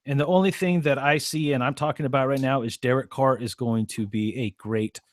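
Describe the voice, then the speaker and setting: A man co-hosting a live sports talk show, laying out his points in a measured, deliberate way. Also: mid-range voice, fairly even intonation, no room sound, clean studio sound. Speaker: podcast co-host.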